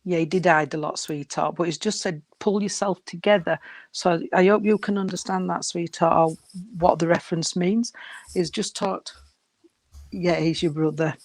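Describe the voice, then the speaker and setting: A woman giving a spirit reading to a sitter, gentle and unhurried, often calling her sweetheart and darling. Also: lowish voice, steady tone, no echo. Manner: unhurried, halting delivery. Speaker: psychic medium.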